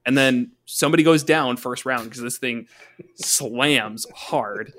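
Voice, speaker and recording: A man's voice: medium pitch, fairly bright tone. Chatty man talking tabletop game tactics. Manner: chatty, acts out quick voices for monsters and players. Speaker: podcast co-host, game master. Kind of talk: casual tabletop gaming discussion.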